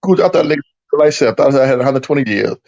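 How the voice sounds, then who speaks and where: A man telling a prison story in a casual chat, animated and profane, laughing as he talks. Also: mid-range voice, racing, gravelly. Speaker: podcast co-host telling a story. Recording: dull lo-fi recording.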